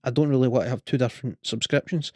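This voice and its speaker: A man's voice: mid-range voice, fairly even intonation, fast, mellow, no echo, studio quality. A Scottish man co-hosting a podcast, chatting casually in a rambling, hesitant way. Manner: rambling, hesitant, lots of fillers. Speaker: podcast co-host. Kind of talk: casual chat.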